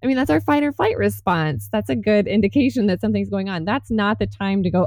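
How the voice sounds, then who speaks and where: A woman's voice: mid-range voice, a little fast, few pauses, darkish tone, no room sound. A woman hosting a casual conversation, emphatic and affirming as she builds on her guest's points.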